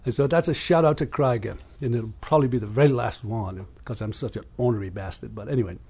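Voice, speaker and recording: A husky-voiced older man from England rambles bluntly through his radio show, swearing freely and with no polish. The recording sounds dull and lo-fi, like old radio. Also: mid-range voice, fast, darkish tone. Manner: profane, gruff and blunt.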